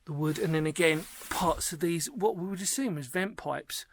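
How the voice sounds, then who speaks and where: A man with a slightly high voice and vocal fry speaks at a moderate pace while exploring a small brick bunker underground in woodland. Filming solo for his channel, he rambles to viewers with plenty of enthusiasm.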